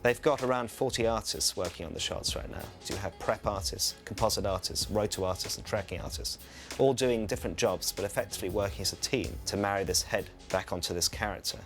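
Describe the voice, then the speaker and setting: During a behind-the-scenes interview, a visual effects supervisor explains the process in a measured, technical manner. His voice is fairly low and a bit bright, with soft music playing in the background.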